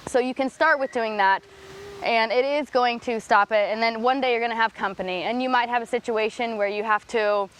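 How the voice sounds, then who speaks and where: A woman's voice: fairly high pitch, fairly quick, a bit bright, a little hiss or hum. A woman dog trainer explaining in a vlog, plain-spoken and patient as she walks through each tip. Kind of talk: instructional vlog.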